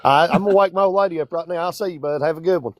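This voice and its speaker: Racing through his words in a high-leaning voice, a freshly woken man with a Kentucky accent, from near the Tennessee line, calls in to a casual debate stream. He rambles, stumbles, and makes fun of himself. The recording is dry.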